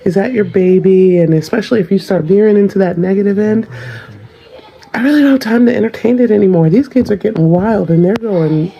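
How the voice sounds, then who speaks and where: A woman's voice: mid-range voice, expressive, fairly quick, vocal fry, dark tone, husky, lo-fi sound. A woman, a mother, talking to the camera in a casual vlog with a slight Southern US accent, frank and joking in manner.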